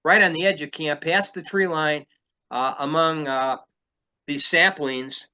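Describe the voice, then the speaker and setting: A man's voice: a little high, fairly even intonation, unhurried, bright, forceful tone, clear, resonant tone, rough recording. A man, a field researcher, telling a story in casual conversation, rambling with many fillers and restarts.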